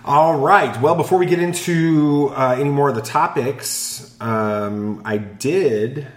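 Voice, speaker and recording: A man's voice: mid-range voice, slow pace. A man hosting a casual family podcast, joking around and reading listener reviews aloud. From Southern California. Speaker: podcast host. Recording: roomy echo.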